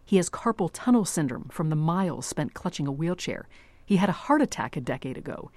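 A woman radio reporter narrating a scripted story in a measured, clear storytelling manner. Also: low voice, very animated, a little mellow, dry recording.

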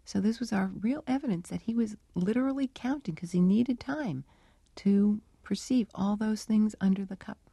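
Woman researcher, middle-aged, gravelly, mellow tone, dry close sound, animated storyteller. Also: mid-range voice, moderate pace, dry recording. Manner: animated storytelling, acts out dialogue. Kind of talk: interview answers.

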